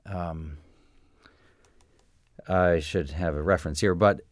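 A man interviewing a musician, asking thoughtful questions and pausing often to search for words. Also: low voice, steady tone, dry recording, studio quality. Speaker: radio interviewer. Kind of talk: casual interview.

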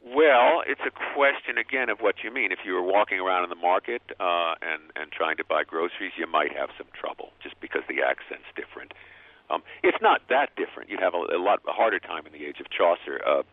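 Deep-voiced male linguist guest, stammering restarts, thin phone-line sound, dry. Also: expressive, no echo. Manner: halting, repeats words often. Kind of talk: radio call-in conversation.

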